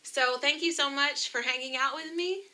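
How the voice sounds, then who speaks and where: A woman's voice: high-pitched, normal speed, sharp tone. A young adult woman from the United States telling her own story in a chatty, emotional vlog, talking straight to her viewers. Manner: emotional, chatty, addresses viewers as you guys. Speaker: vlogger. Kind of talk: personal testimony vlog.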